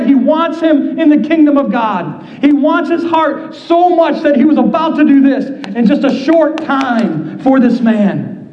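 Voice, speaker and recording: A pastor delivering a fervent sermon, acting out the scripture with rising passion. His voice sits high, with a slightly dull, lo-fi tone. The echo of a roomy church sanctuary surrounds him. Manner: impassioned preaching, voicing the scripture dramatically.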